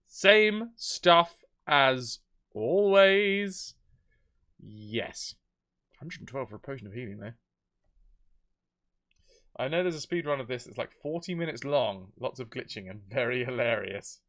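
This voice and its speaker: A man's voice: medium pitch, lively intonation, normal speed, pauses often. A man casually commenting on a game he is streaming, joking and reading its text aloud.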